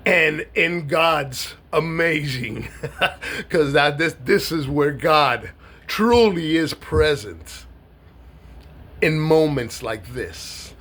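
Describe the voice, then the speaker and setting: A middle-aged man from New York speaks in an emotional personal monologue, unhurried and halting. His pitch swings widely, rising high when he is moved, and he repeats words as he gathers himself. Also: vocal fry, fairly bright tone. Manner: heartfelt, halting, with many pauses and repeated words. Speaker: vlogger.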